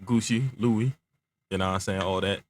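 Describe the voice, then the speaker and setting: Young male storyteller, low-pitched, relaxed and rambling, slightly stumbling speech from aligners. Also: normal speed. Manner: laid-back slang, constant filler phrases, stuttering. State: talking around clear aligners. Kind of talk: casual improvised storytelling.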